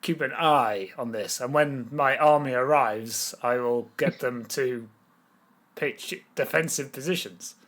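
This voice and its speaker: A man's voice: medium pitch, measured pace, fairly bright tone, close to an everyday voice. A man voicing a confident male war leader, speaking in a commanding, declamatory way.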